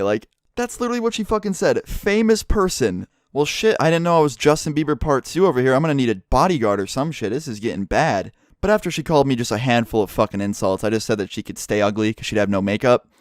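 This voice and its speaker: A man's voice: mid-range voice, dry recording, clean studio sound. A young man vlogging a casual, profane storytime and acting out the lines of everyone in it. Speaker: YouTuber. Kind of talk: storytime vlog.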